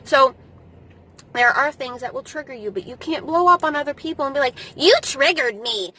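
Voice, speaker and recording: A woman's voice: high voice, fairly quick, bright, forceful tone, low-quality recording. Blunt, profane woman in her thirties. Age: 30s. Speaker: vlogger. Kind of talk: casual to-camera advice talk.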